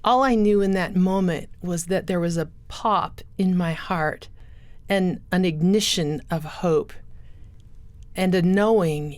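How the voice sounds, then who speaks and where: A middle-aged woman speaks as a guest, telling her life story with earnest storytelling. Her voice sits low. The recording is dry and close, with no room around it. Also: slow pace, a little mellow, dry recording. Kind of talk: personal testimony in a radio interview.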